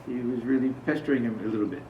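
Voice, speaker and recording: Talking very fast in a medium pitch, this man addresses a small group in a relaxed spiritual talk full of stories and questions for the audience. There's a slight hiss or hum, and the sound is distant, dull and roomy.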